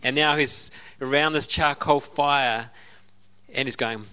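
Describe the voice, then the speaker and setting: A man's voice: mid-range voice, steady tone, slow pace, sharp tone, clean tone. A man with an Australian accent preaching a sermon as a pastor, telling the story conversationally with asides and laughs.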